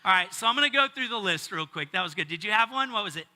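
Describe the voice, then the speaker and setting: High, bright-voiced joking pastor. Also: male voice, lively intonation, fast talker. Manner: casual, joking, talks with the congregation. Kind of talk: sermon.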